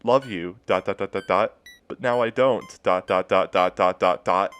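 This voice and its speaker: A man voicing a tearful young male gamer who sobs and yells desperately. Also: low voice, normal speed, smooth, faint music behind. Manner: sobbing, desperate, yelling. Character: tearful young male game-playing kid.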